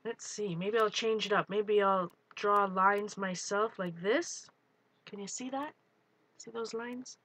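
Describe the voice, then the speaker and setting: A woman's voice: mid-range voice, slow, dry recording. Chatty woman demoing crafts live. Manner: excitable, talks while working, greets viewers. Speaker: art livestream host.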